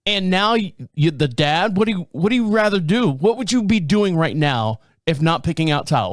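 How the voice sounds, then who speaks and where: A male podcast host telling a story in a casual, animated way, chuckling and acting out what people said. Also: sits high, normal speed, no echo. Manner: animated, chuckling, acts out quotes.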